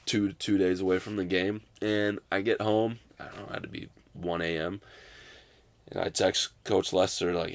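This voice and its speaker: Deep-voiced man in his twenties, casual storytelling, says "like" a lot, profane, dry close sound. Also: little pitch movement, moderate pace, no echo. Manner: rambling, fills with "like", profane. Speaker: guest.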